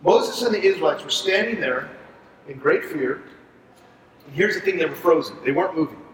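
Guy leading bible study, super expressive voice jumping all over, long hall reverb, faint background hiss. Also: fairly high pitch, normal speed. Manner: animated, conversational, asks for agreement. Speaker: pastor leading a ministry group. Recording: echoey room, far from mic.

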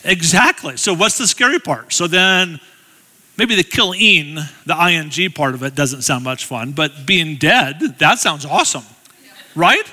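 A middle-aged man giving a guest sermon as a relaxed storyteller, with self-deprecating asides to the audience. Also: fairly high pitch, moderate pace. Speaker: guest speaker. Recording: long hall reverb.

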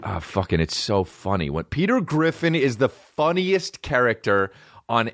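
In a small room with a creaky chair, a man in his thirties hosts a relaxed solo comedy podcast, rambling, swearing and doing voices of other people. His mid-range voice is sing-song, unhurried and fairly bright, and the recording is dry and clean, studio quality.

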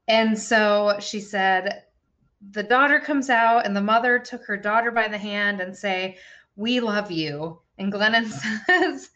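A woman's voice: medium pitch, a bit bright, lo-fi sound. A woman in her thirties chatting candidly about a parenting book, swearing freely. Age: 30s. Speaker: podcast co-host discussing a book. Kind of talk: casual book-club chat.

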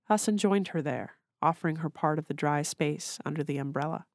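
A woman author reads her own short story in a measured, literary way. Her voice is low, and the recording is dry and close. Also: darkish tone, no echo.

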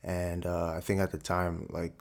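A young man in his twenties, a guest actor, telling his story in a relaxed, casual way with lots of fillers. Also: low voice, normal speed, creaky. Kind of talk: casual interview conversation.

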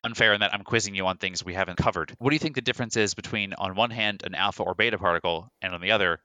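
A man's voice: lowish voice, very fast, pushed and bright, dry recording, highs cut off. A man hosting a casual science podcast, asking curious follow-up questions. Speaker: podcast host.

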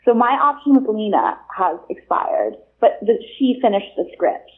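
A woman's voice: mid-range voice, very animated, normal speed. A woman guest telling a story in a breezy, wry way, with lots of "like" as filler. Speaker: guest author. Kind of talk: conversational storytelling. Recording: tinny phone-line sound.

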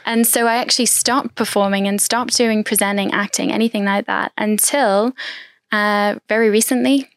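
A woman's voice: mid-range voice, steady tone, normal speed, clean tone, no echo, clean studio sound. Chatty woman from South Africa. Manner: chatty and open, laughs lightly between thoughts. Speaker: podcast guest. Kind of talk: casual interview chat.

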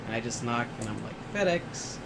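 A young man in casual chat, telling a story about a past job in a relaxed, easygoing way. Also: medium pitch, fairly quick. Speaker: friend telling stories. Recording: noisy room background.

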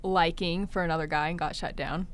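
A young woman tells a funny dating story in a relaxed, chatty way. She laughs often and acts out what each person said. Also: fairly low pitch, fairly quick, a little hiss or hum. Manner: animated, laughing often, acts out quoted lines. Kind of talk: casual storytelling.

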